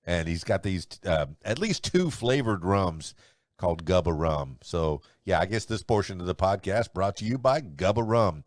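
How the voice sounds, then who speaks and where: Low-voiced guy doing a solo podcast, rambly and laughing a lot, really lively up and down. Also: moderate pace, no echo, clean studio sound. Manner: rambling, chuckling, conversational. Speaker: podcast host. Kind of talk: solo podcast commentary and news rundown.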